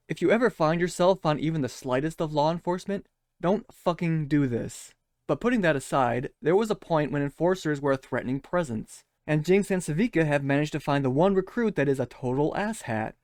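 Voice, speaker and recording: A man's voice: fairly high pitch, darkish tone, dry recording, clean studio sound. A man giving scripted, sarcastic commentary as a show critic, scathing, mocking and profane.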